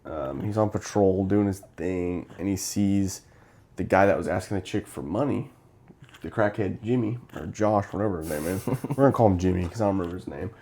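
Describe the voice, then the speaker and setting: A young man with a somewhat low voice co-hosts a casual movie review chat. He retells scenes with animated energy, slipping into the characters' lines as he goes. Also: brisk. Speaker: podcast co-host.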